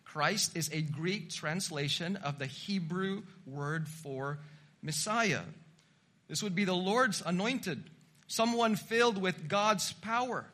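Slow, bright-voiced male preacher. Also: high voice. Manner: measured teaching delivery, rising to emphatic repetition. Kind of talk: expository sermon.

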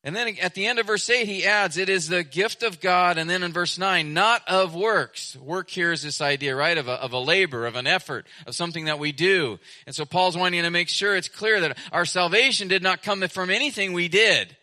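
Man, pastor, sermon, emphatic, repeating phrases, loud then hushed, sharp bright tone, higher voice. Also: normal speed, few pauses.

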